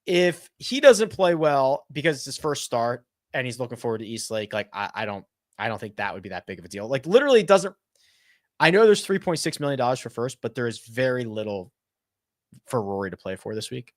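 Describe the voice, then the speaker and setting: Man host for a casual live chat: lively pitch swings, dry close sound, quick self-corrections. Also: no echo. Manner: animated and chatty, thinks out loud with quick self-corrections. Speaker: host of a golf betting and fantasy live chat. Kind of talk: casual live-stream chat answering viewer questions.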